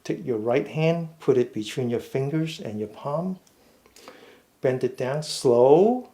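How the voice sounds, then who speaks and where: A middle-aged man leading a seated mindful fitness class, giving slow, patient step-by-step cues. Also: mid-range voice, mellow. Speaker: fitness and meditation instructor. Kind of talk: guided seated exercise class.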